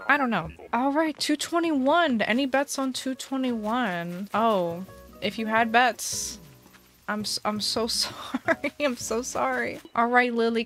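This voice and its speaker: Young woman, game streamer, excitable and chatty, slow-talking, higher voice, faint music behind. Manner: excitable, chatty, dramatic sighs. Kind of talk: casual game commentary.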